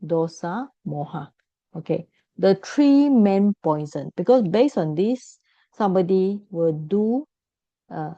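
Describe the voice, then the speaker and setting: A woman's voice: fairly low pitch, mellow, no echo, dull audio. A woman teaching a Buddhist class, explaining patiently, repeating key points and correcting herself.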